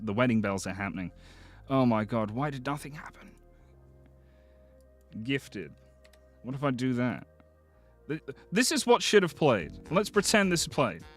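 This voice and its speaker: A man streaming live, chatting casually with viewers, excitable and swearing often as he thanks them. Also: mid-range voice. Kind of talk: casual livestream chat.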